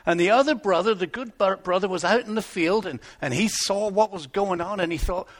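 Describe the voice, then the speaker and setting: A man's voice: sits high, a little fast, hardly any pauses. A male pastor in a church, telling children a Bible story and asking them questions. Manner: animated, asks the children questions.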